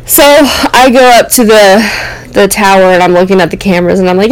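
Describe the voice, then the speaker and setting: With a medium-pitched, clean-toned voice and an unhurried pace, the young American host shares a personal story on a low-quality recording. She's candid and rambling, filling her speech with "um" and "like."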